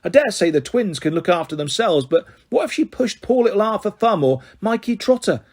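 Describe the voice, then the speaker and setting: A man's voice: sits high, lively intonation, brisk, darkish tone, voice pushed up. Man doing a bossy, motherly housewife. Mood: stern. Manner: fussing, stern and proud.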